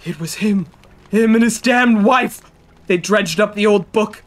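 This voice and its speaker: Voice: medium pitch, measured pace, natural voice. Haunted old ex-mayor, anguished and rambling, read aloud by a streamer for a game. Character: distraught old man, a haunted former mayor. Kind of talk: reading game dialogue aloud.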